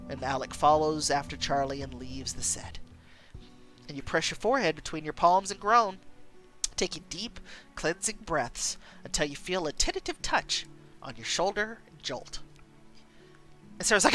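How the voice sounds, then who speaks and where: Woman streamer reading a story game, bright voice, lively delivery. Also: low voice, moderate pace, faint music behind. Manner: casual, chatty narration. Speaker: story game player and reader.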